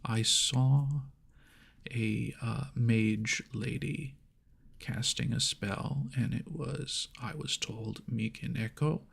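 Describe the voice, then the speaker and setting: A man hosting a whispered ASMR chat into an ears mic, soft and rambling, laughing at himself. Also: mid-range voice, fairly even intonation, slow pace, gravelly, breathy edge. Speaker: ASMR channel host. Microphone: homemade binaural ears mic.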